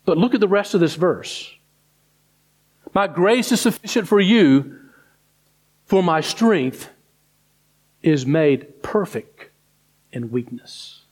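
A man preaching a sermon who climbs high and quick for mock complaints, then sinks low and slow on scripture. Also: animated, darkish tone, slightly rough.

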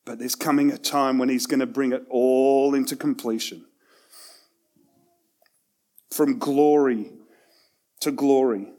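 A man preaching a sermon in a conversational way, with self-deprecating asides, swinging between loud and hushed passages. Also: mid-range voice, fairly even intonation, slow, long pauses. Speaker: pastor.

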